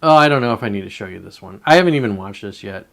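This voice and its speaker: A man's voice: lowish voice, animated, racing, creaky. Rambling, profane man on a live stream. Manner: rambling and profane, with many self-interruptions. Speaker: livestreamer. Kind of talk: casual live-stream commentary.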